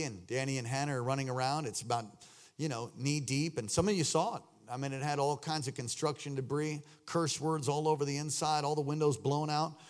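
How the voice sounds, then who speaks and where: A man preaching a sermon as pastor, telling a story that swings from hushed tones to loud shouting. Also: medium pitch.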